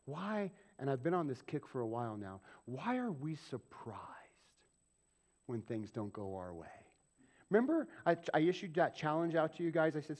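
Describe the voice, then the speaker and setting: A man preaching a sermon as pastor of a church, asking the congregation questions and acting out quoted voices. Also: fairly high pitch. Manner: animated, asks the congregation questions and acts out quick quoted voices.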